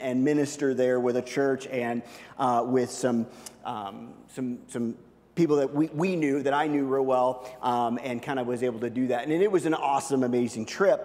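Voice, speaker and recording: A man in his thirties preaching a sermon, telling a personal story with lively, animated voice jumps. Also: medium pitch. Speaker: pastor. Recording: long hall reverb.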